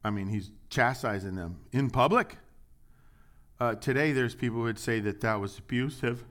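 Animated male preacher with lively delivery. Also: mid-range voice, moderate pace. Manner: animated, swings between loud acted quotes and quiet asides. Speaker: pastor. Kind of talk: sermon.

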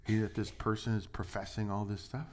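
A man preaching a sermon, reading scripture and acting out quotes, shifting between loud, raised lines and quiet asides. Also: fairly low pitch, level tone, fairly quick, a little hiss or hum. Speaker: pastor.

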